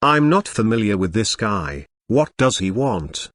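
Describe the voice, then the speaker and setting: Storybook read: a worried young female guild leader , read by a synthetic male voice, lively pitch, dry sound. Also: a little slow, dry recording.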